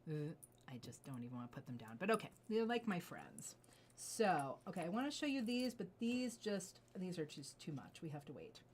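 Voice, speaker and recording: A middle-aged woman, a jewelry designer, showing off her pieces in an effusive, gushing way, often dropping to soft asides. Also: fairly low pitch, very animated, normal speed, a little hiss or hum. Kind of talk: enthusiastic product showcase.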